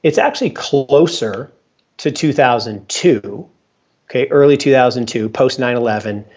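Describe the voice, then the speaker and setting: A man, an investment fund founder and guest, giving animated market commentary, emphatic and repeating his points. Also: mid-range voice, moderate pace. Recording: dull lo-fi sound.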